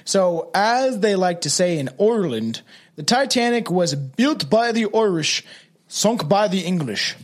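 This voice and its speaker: A man's voice: high-pitched, big pitch swings, unhurried. A man co-hosting a podcast, reading a ghost story in a rambling, swearing, casual way. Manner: rambling, swearing, laughing often. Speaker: podcast co-host.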